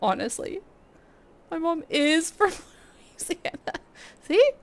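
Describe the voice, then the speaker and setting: A woman's voice: very high voice, very animated, takes it slowly. A woman from Texas streaming a game, chatting casually and laughing at herself often. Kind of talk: casual chat while playing.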